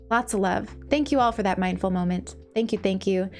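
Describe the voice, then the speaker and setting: A young woman talks casually to her live-stream viewers in an average-pitched voice, gushing with emotion and breaking into laughter at herself. Faint music plays in the background. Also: fairly quick, few pauses.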